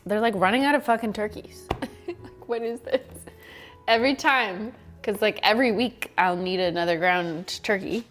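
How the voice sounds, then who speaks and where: A woman's voice: mid-range voice, moderate pace, a bit bright. A woman hosting a casual cooking livestream, chatty and giggly, swearing offhandedly as she chops vegetables. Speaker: livestream host.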